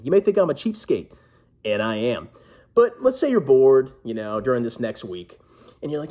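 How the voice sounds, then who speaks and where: A man's voice: mid-range voice, big pitch swings, moderate pace, mellow. A man talking casually and rambling to his viewers as a finance YouTuber, emphatic and chatty, often tacking on "okay?".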